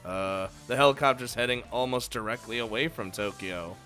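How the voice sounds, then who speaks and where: Bright-voiced man reading a visual novel. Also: medium pitch, moderate pace, faint music behind. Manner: jokey, swearing, laughing asides. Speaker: let's play host.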